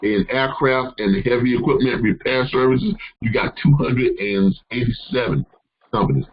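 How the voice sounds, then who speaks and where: A man's voice: medium pitch, moderate pace, highs cut off. A man hosting a live question-and-answer call, giving casual advice in a rambling way with many fillers and restarts. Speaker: host answering caller questions.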